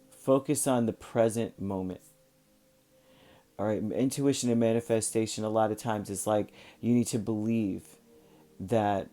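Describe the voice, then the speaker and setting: A man's voice: on the low side, mellow. A man giving a casual spoken tarot reading, talking straight to his viewers in a loose, coaching way with frequent fillers and restarts. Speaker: tarot reader.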